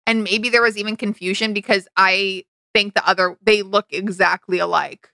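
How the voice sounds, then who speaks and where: A woman's voice: medium pitch, steady tone, moderate pace, vocal fry, pushed and bright, no echo. A young woman co-hosting a casual chat podcast, reacting with dry, sarcastic remarks. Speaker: podcast co-host.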